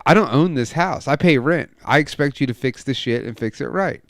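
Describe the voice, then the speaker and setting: A young man on a casual podcast, telling a heated story full of swearing and acting out quoted lines loudly. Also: fairly quick, no echo, studio quality. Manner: profane, animated storytelling, acts out quotes with loud raised pitch. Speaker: podcast co-host.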